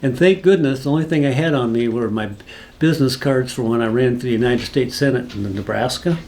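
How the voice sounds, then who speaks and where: A man's voice: medium pitch, brisk, darkish tone. A man casually telling a rambling, folksy personal story, full of asides. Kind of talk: casual spoken anecdote.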